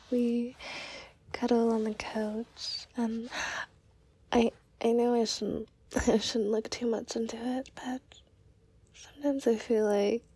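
Breathy whispering woman, slow and flirty. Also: fairly high pitch, no echo. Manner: flirtatious and giggly, soft and hesitant. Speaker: audio role-play performer. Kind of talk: whispered role-play.

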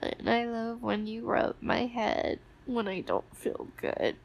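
A young woman in a whispered role-play, her voice stuffy and congested as if from a cold. She speaks high and very slowly, with some vocal fry. Her tone is soft and sleepy, broken by frequent giggles. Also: a little hiss or hum. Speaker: ASMR performer playing a sick girlfriend.

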